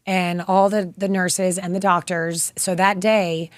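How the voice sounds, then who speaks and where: A woman guest in an interview, telling stories in a bubbly, animated way and acting out what people said. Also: lowish voice, measured pace, no room sound, studio quality. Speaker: guest, therapy dog volunteer. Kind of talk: casual interview storytelling.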